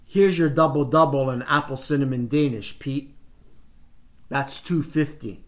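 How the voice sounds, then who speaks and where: A man's voice: medium pitch, a little slow, lightly acted. A man voicing a cheerful male street coffee vendor who talks in a friendly, hearty, encouraging way.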